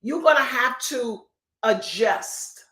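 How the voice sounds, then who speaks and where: A woman's voice: on the high side, animated, slow pace, bright, forceful tone. A middle-aged woman real estate coach giving an emphatic, preachy motivational talk on a live stream. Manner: emphatic, repetitive, preachy, folksy. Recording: echoey room.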